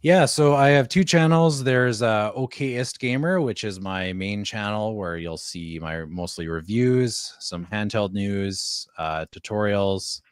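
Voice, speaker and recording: A Canadian man talking casually as a podcast guest, with a laid-back, smooth voice. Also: lowish voice, takes it slowly, hardly any pauses, dry recording, clean studio sound. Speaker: guest YouTuber.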